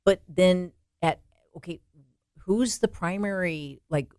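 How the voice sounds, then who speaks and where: A woman's voice: on the low side, slow pace, a little mellow, smooth, dry recording, clean studio sound. Earnest woman co-host. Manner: earnest, rising to emphatic exclaims. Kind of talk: faith podcast conversation.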